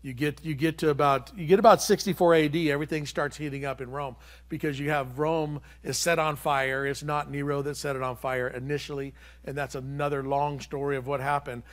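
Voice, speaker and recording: A man preaching a sermon as pastor, emphatic and repeating key phrases, swinging between loud and hushed delivery. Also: on the high side, steady tone, brisk.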